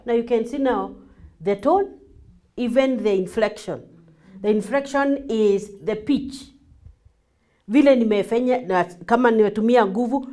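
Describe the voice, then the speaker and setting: A woman with a Kenyan accent teaching a class as a marriage coach, acting out lively examples and slipping in Swahili. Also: on the high side, moderate pace. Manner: animated, acts out examples, mixes in Swahili.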